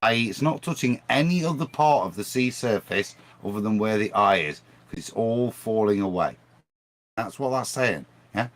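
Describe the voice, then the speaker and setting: A man talking on a livestream, arguing hard and restarting his phrases as he goes. His pitch jumps up and down a lot. He sounds like he is set on making his point. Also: moderate pace. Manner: animated, argumentative, restarts phrases. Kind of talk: casual livestream discussion.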